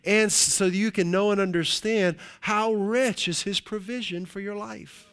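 A middle-aged man delivering a sermon from the pulpit in a somewhat high voice. He preaches in a conversational way and keeps checking in with his listeners with "right?". His tone stays plain and direct. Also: fairly even intonation, measured pace, a bit bright, smooth. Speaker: pastor.

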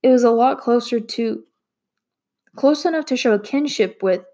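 A woman reading a novel aloud with steady, expressive storytelling. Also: on the high side, normal speed. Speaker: narrator. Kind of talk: audiobook narration.

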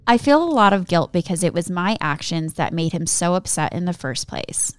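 A woman tells a true-crime story on a podcast, settling into steady narration between bouts of banter. Her voice sits a little low and comes across smooth and clear. The recording is close and dry. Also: normal speed, dry recording. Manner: giggly, chatty banter between story segments.

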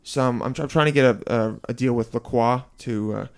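A young man co-hosting a podcast in casual chat, excitable and laughing often. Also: mid-range voice, a little fast, smooth. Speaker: podcast co-host.

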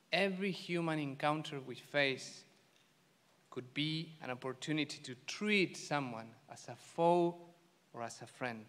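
A priest preaching a homily in English, earnest and emphatic, repeating phrases with gentle asides. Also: male voice, on the high side. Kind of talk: sermon. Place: church. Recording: long church reverb.

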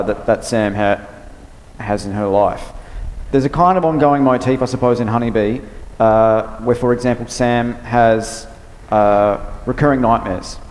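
A man, an author reading a passage from his novel in a measured way and answering questions. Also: medium pitch. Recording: reverberant room.

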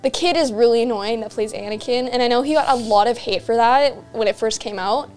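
A woman with a somewhat high voice chats and rambles in a relaxed way, often circling back and restarting her sentences. Faint music plays softly behind her. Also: brisk. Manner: chatty, rambling with restarts and laughs. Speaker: co-host. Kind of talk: casual chat.

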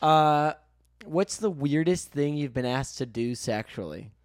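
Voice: medium pitch, lively intonation, unhurried, no echo, clean studio sound. A podcast host in casual chat, rambling through many fillers and swearing freely.

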